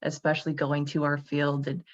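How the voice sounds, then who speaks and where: A woman's voice: low voice, monotone, normal speed, lo-fi sound. Earnest young woman asking questions. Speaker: social work student interviewer. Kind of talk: interview questions.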